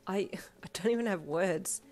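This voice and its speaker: A woman voicing a bubbly, goofy young woman in love, lifting her voice higher and louder with excited, giggly delivery. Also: moderate pace, natural voice.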